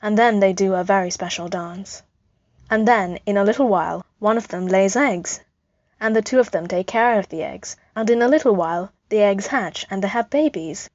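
A woman's voice: mid-range voice, normal speed, darkish tone, dry recording, close to an everyday voice. A woman voicing an earnest, apologetic young man who is a proud new parent, in a dull lo-fi recording.

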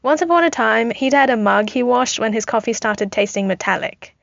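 A woman's voice: a little high, a little fast, gravelly, no echo. Podfic reader, woman, wry narration; dull, dry home recording. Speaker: fanfiction audiobook reader. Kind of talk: audiobook narration.

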